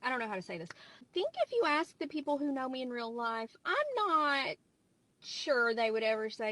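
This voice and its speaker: A woman's voice: fairly high pitch, animated, a little fast, a bit bright, low-quality recording. A woman with a Southern US accent, talking straight to camera in a blunt, wry rant. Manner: blunt, wry, plain-spoken. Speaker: content creator.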